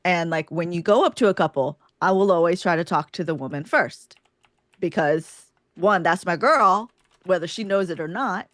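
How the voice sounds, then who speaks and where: A woman's voice: on the low side, moderate pace, no room sound. Chatty woman podcast co-host. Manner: chatty, heavy use of "like". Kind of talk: casual live podcast chat.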